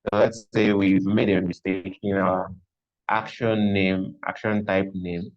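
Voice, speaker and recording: A coding instructor teaches a live online class, thinking aloud as he works and often repeating himself. His deep voice moves little in pitch and goes slowly, captured in dull lo-fi audio.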